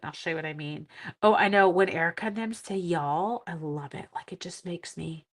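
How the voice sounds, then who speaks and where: A woman's voice: medium pitch, fairly bright tone. Woman from Canada, stuffy-nosed craft host, chatty and giggly with rambling asides, live demo. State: congested. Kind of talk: live card-making demo and chat.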